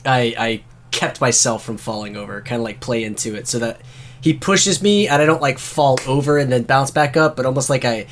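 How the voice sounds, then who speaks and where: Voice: mid-range voice, a little fast, a little hiss or hum. Player thinking aloud at a tabletop game.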